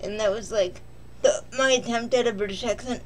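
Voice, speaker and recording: A woman's voice: a little high, brisk. A woman vlogger casually recapping a film in a rambling, joking, self-deprecating way.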